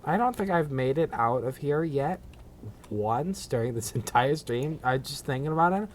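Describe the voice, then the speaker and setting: A man's voice: mid-range voice, animated, normal speed, slight background noise. A man streaming a video game, rambling through casual commentary with self-mocking asides.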